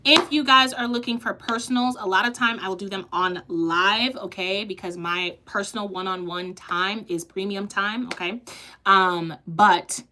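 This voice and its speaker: A young adult woman reading tarot on a live stream in casual, animated chat. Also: medium pitch, moderate pace, slight background noise. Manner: animated, laughs and exclaims often. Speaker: tarot reader.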